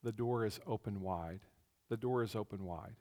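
A man preaching a conversational sermon as pastor, telling the story with animation and swinging between loud and hushed. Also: fairly low pitch, moderate pace. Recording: long reverb of a large hall.

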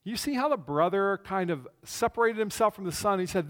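A man preaching a conversational sermon as pastor, telling the story with animation and swinging between loud and hushed. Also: high-pitched, animated, a little fast. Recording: long reverb of a large hall.

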